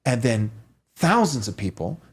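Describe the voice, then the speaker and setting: A man with a mid-range voice speaks in a measured, deliberate way in a conversation clip that is played back for commentary. He often pauses on hesitant fillers before he continues. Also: medium pitch, very animated, slightly rough.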